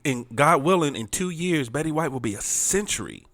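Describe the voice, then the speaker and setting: A man's voice: on the high side, animated, moderate pace, noisy background. A middle-aged man co-hosting a casual podcast chat, playful and joking with his wife. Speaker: podcast co-host.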